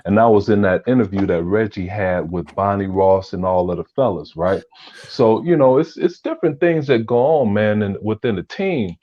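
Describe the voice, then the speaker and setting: A man co-hosting a podcast, telling stories in a loose, profane way with lots of fillers. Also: fairly low pitch. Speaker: podcast co-host. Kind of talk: casual chat. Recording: dull lo-fi recording.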